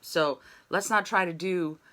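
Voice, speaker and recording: A woman's voice: lowish voice, unhurried, a bit bright. A woman voice teacher giving an online singing lesson over a video call, explaining technique and singing short demonstration syllables.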